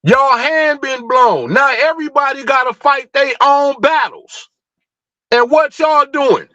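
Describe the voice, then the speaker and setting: Speaking a little slowly, a man with a very high-pitched, sharp voice hosts a livestream, heard with no room sound and the highs cut off. He launches into a heated, fired-up rant, blunt and profane and full of rhetorical questions.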